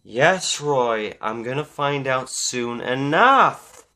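A man recapping a horror movie in a casual, animated way, swearing constantly and laughing at the scenes. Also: mid-range voice, slow. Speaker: movie reviewer. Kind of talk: casual profane film recap.

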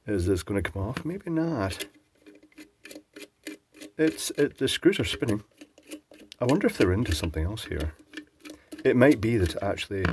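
A man's voice: on the low side, background noise. A man presenting an electronics teardown, musing and chatting as he thinks aloud while working. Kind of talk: casual talk-through while taking apart a device.

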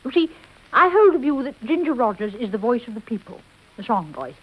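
A woman's voice: fairly high pitch, sing-song, a little fast, breathy edge, lo-fi sound. An actress playing a gushing, effusive society lady in a 1940s radio comedy. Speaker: gushing radio-panel guest.

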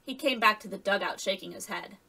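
A woman reading a chapter of a children's fantasy novel aloud, lively, with the characters voiced. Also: mid-range voice, brisk, gravelly, recorded from a distance, low-quality recording. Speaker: audiobook reader. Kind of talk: scripted narration.

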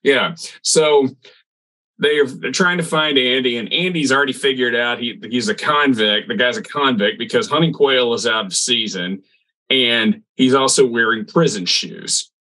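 Bright-voiced man recapping an episode. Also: medium pitch, low-quality recording. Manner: rambling, halting recaps with restarts. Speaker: podcast co-host. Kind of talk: casual chat recapping a TV episode.

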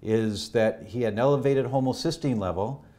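A middle-aged man, a doctor, telling personal family stories in an interview, earnest, his voice going from animated to hushed. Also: mid-range voice, normal speed. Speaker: doctor and health educator. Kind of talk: emotional personal storytelling in a podcast interview.

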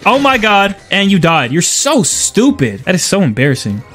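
A young man trash-talking in casual game voice chat, loud, brash and swearing. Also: high-pitched, huge pitch swings, moderate pace, soft background music. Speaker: gamer in voice chat. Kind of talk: loud playful game banter.

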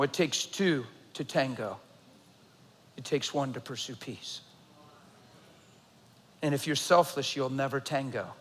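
A man preaching a sermon to a church congregation, telling a story and swinging from loud to hushed. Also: on the high side. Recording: long hall reverb.

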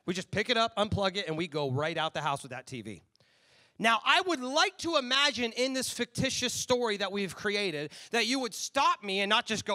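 Bright, high-voiced animated male pastor. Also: moderate pace. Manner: animated storytelling, acting out both sides of a dialogue. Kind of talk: sermon.

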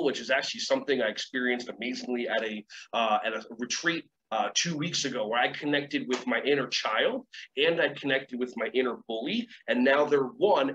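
A man leading a casual webinar lesson from home, energetic and rambling, acting out quoted voices and guiding breathing exercises. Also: mid-range voice, slight background noise. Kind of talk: casual teaching talk with guided exercises. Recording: dull lo-fi sound, faint ambience.

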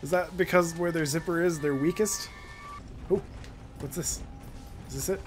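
A man's voice: fairly high pitch, moderate pace, faint music behind. A man joking and laughing as he comments on his own gameplay. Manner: joking, giggly, excitable. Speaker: gaming YouTuber.

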